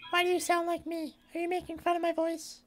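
A man from Canada putting on a squeaky childlike voice while pranking strangers on a video chat, insisting in a mock-hurt way that it is his real voice. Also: monotone, brisk, fairly bright tone. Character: squeaky childlike man with a sensitive, teasing streak.

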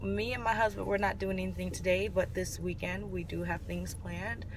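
A woman's voice: mid-range voice, fairly even intonation, moderate pace, noisy background. A young woman, telling a story in a casual, emphatic vlog while walking outdoors on a city street with a handheld phone camera. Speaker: vlogger.

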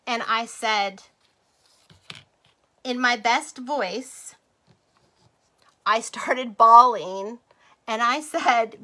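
A woman's voice: on the high side, lively intonation, slow pace, pauses often, pushed and bright. A middle-aged woman chatting casually with livestream viewers while she crafts, rambling, laughing and drifting off topic. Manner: talks to viewers as "you guys" and "y'all".

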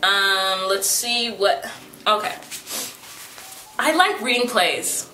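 A young woman vlogs about books in a casual chat to the camera, rambling with plenty of fillers and teasing herself in a playful way. Her medium-pitched voice has a sharp tone, with a slow pace and long pauses. There's a roomy echo plus faint background music.

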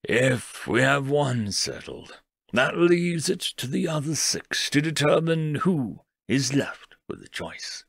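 A man voicing the eldest alien at a table, speaking slowly and deliberately. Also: mid-range voice, very animated, gravelly, a bit bright, husky, dry recording, studio quality, heavily acted. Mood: calm. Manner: slow, deliberate. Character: eldest alien male, calm and measured elder.

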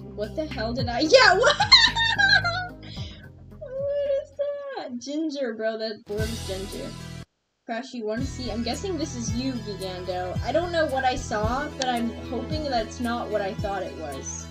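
A young woman streamer reacting live to videos, excitable and slangy, swearing often and shrieking in disgust, with music playing behind her. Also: a little high, moderate pace, rough recording.

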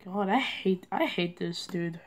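A woman's voice: lowish voice, a little slow, background noise. A young woman commenting on her gameplay, frustrated and complaining at a teammate. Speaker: gamer.

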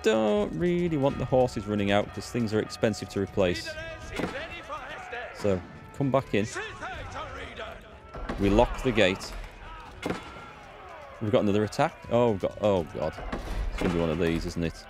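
Man, let's play host, low voice, rambling chatty commentary, faint game music behind. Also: animated, a little slow, pauses often. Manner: chatty, rambling, self-deprecating. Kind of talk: casual gameplay commentary.

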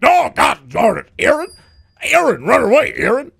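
A man voicing a young male anime hero who screams a name over and over in anguish, sobbing as he yells. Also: very high voice, wildly swooping pitch, moderate pace, vocal fry, slightly rough, pitched above the performer's own voice, full character voice. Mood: frantic shouting.

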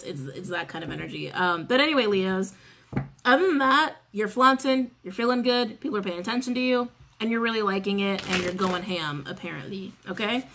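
A woman of middle pitch talks her way through a tarot reading in a loose, chatty flow. She is sassy and swears without a pause, circling back to say the same words again and again. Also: fairly bright tone, a little hiss or hum. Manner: chatty, sassy, swears freely, repeats phrases. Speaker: tarot reader. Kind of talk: casual spoken tarot reading.

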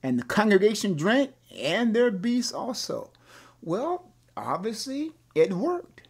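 A male pastor teaching a Bible class, animated, often repeating words and asking rhetorical questions. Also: high voice, slow, creaky, husky.

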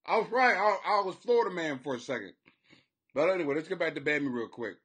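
A man hosting a comedy podcast, talking rowdy and profane, often breaking into shouts and silly voices. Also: on the high side, animated, fast, slightly rough. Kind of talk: rowdy comic commentary. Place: home basement.

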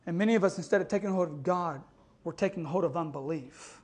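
A man's voice: fairly high pitch, fast, darkish tone, slightly rough. A man preaching a sermon with passion, often calling out to the congregation for an amen. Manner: impassioned preaching, calls for amens. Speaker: pastor.

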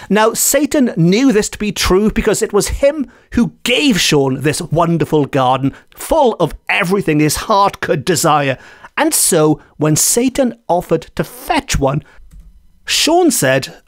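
A podcast host narrating an old folk tale at an unhurried pace. His voice rises and falls with plenty of expression. It sounds close and dry, with no room echo. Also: sits high, very animated. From Wales.

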